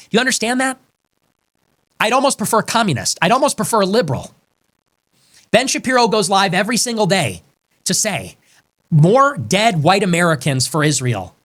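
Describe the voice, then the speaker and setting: A man's voice: high voice, a bit bright. A man delivering heated monologue commentary on his own show, angry and combative, hammering points through repetition. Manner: angry, combative, emphatic, repeats lines for effect.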